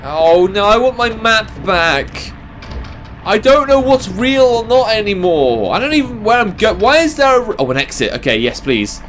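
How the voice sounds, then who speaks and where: Young male let's-player, sarcastic and sweary, animated delivery. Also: high voice, moderate pace, hardly any pauses, a little hiss or hum. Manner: sarcastic, swearing, talks to the game. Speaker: gaming commentator. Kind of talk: casual let's-play commentary.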